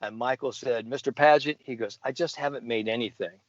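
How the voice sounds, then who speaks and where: Older man, podcast storyteller, lively quoted voices, dry muffled sound. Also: medium pitch, brisk, dry recording. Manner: animated storyteller acting out quoted people. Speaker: golf sports psychologist guest. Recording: dry, slightly dull podcast audio.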